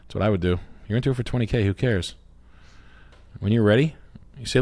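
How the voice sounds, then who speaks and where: Guy goofing around on a podcast, lowish voice, talks in quick bursts. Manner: loud, jokey, fast bursts and laughs. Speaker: podcast co-host. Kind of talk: casual podcast banter.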